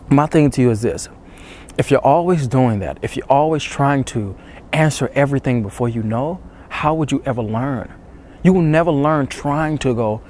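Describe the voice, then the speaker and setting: Man, dating coach, hushed intense delivery, repetitive urging, shivering cold, outdoors before dawn, faint background hum. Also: mid-range voice, brisk. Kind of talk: motivational talk to camera.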